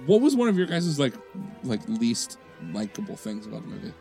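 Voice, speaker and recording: A man co-hosting a podcast, talking about a film in an animated, slangy way and laughing often. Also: medium pitch, brisk, soft background music. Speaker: podcast co-host. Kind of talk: casual movie discussion.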